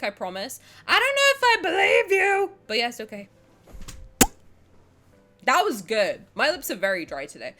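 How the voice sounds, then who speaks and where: A woman streaming a game, talking casually with her chat, swinging from loud squeals to quiet mutters. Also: a little high.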